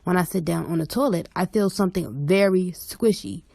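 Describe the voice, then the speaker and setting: Brief: young woman, low and gravelly, flat delivery, dry close sound. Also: a little fast, no room sound. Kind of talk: casual storytime.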